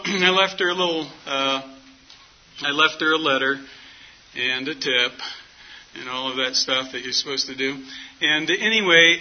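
A middle-aged man preaching in a church meeting, telling a personal story in a folksy way and acting out the dialogue. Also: a little high. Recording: muffled lo-fi sound.

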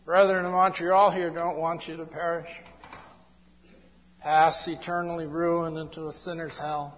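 Slow emphatic preacher in echoey hall. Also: male voice, on the high side, flat delivery. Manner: slow, emphatic, drawn-out phrasing. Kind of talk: evangelistic sermon. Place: church hall. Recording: dull echoey hall recording.

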